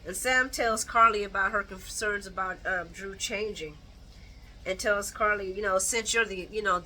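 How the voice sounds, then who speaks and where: Bright-voiced woman recapping, blunt and animated. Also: mid-range voice, a little hiss or hum, rough recording. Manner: animated, blunt, colloquial, with mocking asides. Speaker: soap opera recap host. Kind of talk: casual chat recap.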